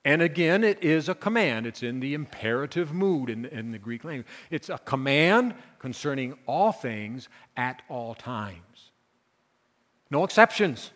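Emphatic preacher in a reverberant church hall. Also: male voice, medium pitch, animated, unhurried. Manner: emphatic, repeats key phrases, swings from quiet to loud. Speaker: pastor. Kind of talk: sermon. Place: church sanctuary.

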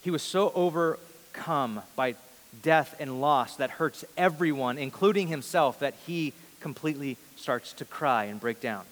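A man in his thirties preaching a sermon before a large congregation, earnest, moving between loud emphasis and soft, hushed lines. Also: fairly high pitch, a little slow. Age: 30s. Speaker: pastor. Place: large church hall before a big congregation. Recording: long reverb of a large hall.

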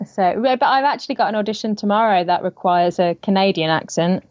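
A woman's voice: mid-range voice, fairly quick, a little mellow, no echo, lo-fi sound. A British woman, an actress, chatting casually in an interview, laughing often and rambling as she thinks. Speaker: actress, guest.

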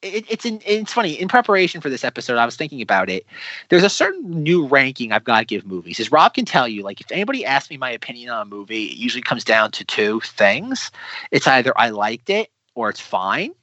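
A man's voice: medium pitch, sing-song, quick pace, bright, forceful tone, no room sound, lo-fi sound. A man co-hosting a podcast in casual chat, rambling with many fillers and restarts. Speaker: podcast co-host.

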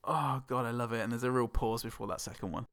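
A man's voice: mid-range voice, steady tone, quick pace, a bit bright, no echo, clean studio sound. A man co-hosting a casual film review podcast, enthusiastically recounting scenes and acting out lines. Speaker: podcast co-host.

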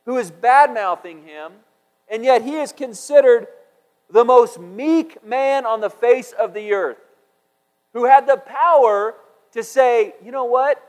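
A man's voice: very high-pitched, slow, darkish tone. A man preaching a sermon, reading scripture aloud and acting out the quotes with big swings in volume. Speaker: pastor. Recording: long hall reverb.

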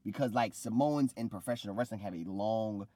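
A man's voice: fairly low pitch, fairly quick, no room sound. A young man in casual chat, retelling a wrestling match with slang and acted-out quotes. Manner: animated storytelling, acts out quotes, slangy.

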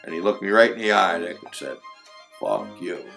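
Soft music plays behind this low-voiced man as he races through tales of his clam-digging past. His tone is pushed and bright, and the chatty storytelling wanders, full of fillers and laughter.

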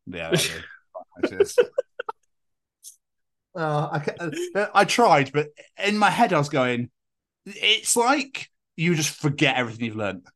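A man's voice: a little high, expressive, measured pace, fairly bright tone. A man with a British accent hosting a podcast, telling a rambling, jokey story and swearing freely. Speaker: podcast host. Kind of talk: casual podcast chat.

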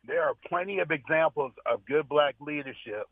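A man's voice: on the high side, moderate pace, no echo. A man calling into a radio show by phone, speaking earnestly and complaining. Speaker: caller. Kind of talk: call-in radio conversation. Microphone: phone line. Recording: tinny phone line.

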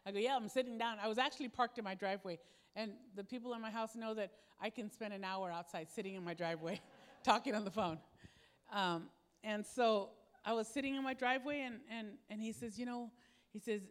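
Brief: woman pastor, fairly high voice, sermon told as a story, long hall reverb. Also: fairly even intonation, fairly quick. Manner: conversational storytelling, acting out quoted dialogue.

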